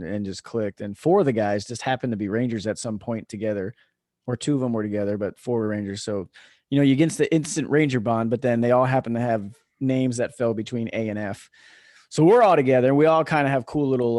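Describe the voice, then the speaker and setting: A man's voice: medium pitch, a little mellow, no room sound, clean studio sound. A man on a remote call, telling stories in a laid-back, casual way, swearing freely and chuckling as he goes. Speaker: podcast guest, retired veteran. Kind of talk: casual storytelling.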